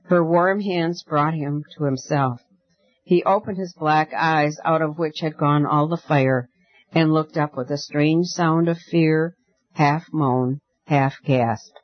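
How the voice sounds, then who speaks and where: Man, audiobook narration, measured and gentle, slightly high pitch, dry close sound. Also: dry recording, highs cut off. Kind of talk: audiobook storytelling.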